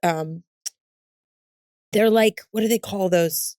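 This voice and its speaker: A woman's voice: mid-range voice, takes it slowly, a little mellow, dry recording, clean studio sound. A woman in her thirties co-hosting a podcast, telling stories in a chatty way and laughing often. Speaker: podcast co-host. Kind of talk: casual chat.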